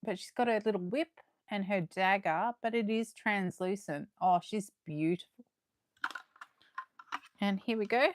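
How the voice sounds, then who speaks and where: A woman chatting excitedly to viewers as she unboxes collectibles live, her voice going a little hoarse. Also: mid-range voice, a little slow, long pauses, dry recording. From Australia. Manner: chatty and excitable, gasping and laughing, talking to viewers. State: losing her voice. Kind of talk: casual live unboxing chat.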